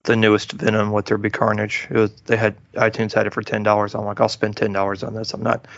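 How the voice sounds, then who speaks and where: A man's voice: lowish voice, fast, gravelly, dry recording. A man hosting a podcast, chatting casually through a movie review with many fillers and restarts. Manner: relaxed, rambling, lots of fillers and restarts. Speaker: podcast host. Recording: dull lo-fi dry recording.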